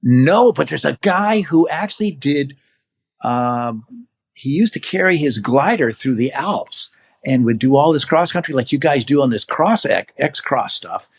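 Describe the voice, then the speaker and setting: A man in his seventies from California, a guest in an interview, telling stories in a casual, animated way and acting out the voices of people he met. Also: medium pitch, measured pace, breathy edge. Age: 70s. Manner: animated storyteller who acts out quoted voices. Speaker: guest, veteran hang glider pilot.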